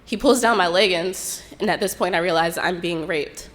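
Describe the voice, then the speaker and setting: A young woman telling a personal story in an unhurried, reflective way, acting out what others said. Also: on the low side. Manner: unhurried, reflective retelling with quoted dialogue.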